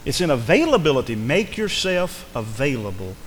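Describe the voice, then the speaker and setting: A man's voice: mid-range voice, big pitch swings, normal speed. Fiery preacher man, echoing hall. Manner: impassioned, rising to near-shouts on key words; acts out a doubting listener's voice in quotes. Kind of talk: sermon. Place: church sanctuary. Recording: long hall reverb, faint background noise.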